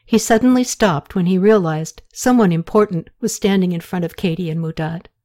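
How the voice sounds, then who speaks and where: A woman narrating a historical novel as an audiobook in calm, even storytelling. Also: lowish voice, normal speed.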